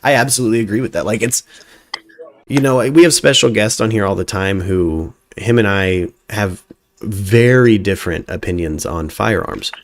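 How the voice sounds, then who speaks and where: Low-voiced man, profane rambling host. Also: normal speed. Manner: profane, rambling, stumbles over words. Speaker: radio show host. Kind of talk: casual podcast chat.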